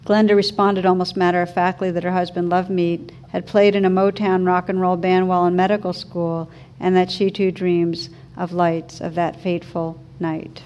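A woman teacher giving a slow, gentle reflective talk, reading a story aloud. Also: on the low side, flat delivery, lo-fi sound, slight background noise. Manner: slow, gentle, thoughtful delivery.

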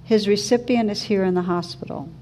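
A woman reading the lines of a quiet grieving widow in a story, speaking in a hushed, earnest way. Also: mid-range voice, fairly quick, lightly acted.

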